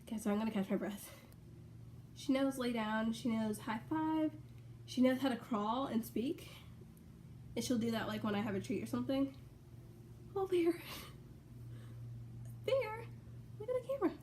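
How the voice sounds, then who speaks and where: A young woman rambling casually in a home vlog, full of fillers and excited asides. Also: fairly high pitch, a little hiss or hum. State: out of breath. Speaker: vlogger. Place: bedroom at home.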